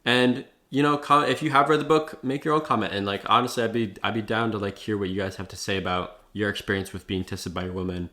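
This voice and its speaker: A young man talks straight to camera, giving advice in a loose, profane vlog style. He leans on "like" and "bro" as he talks. His voice sits a little low. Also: steady tone, fast talker, few pauses, bright, forceful tone. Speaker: vlogger. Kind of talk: casual talking-head advice.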